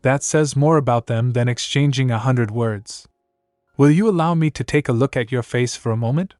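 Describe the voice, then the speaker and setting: A man voicing a shrewd, calm noble father, a count, speaking in a measured, dryly amused way. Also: medium pitch, no echo, studio quality, faint music behind, lightly acted.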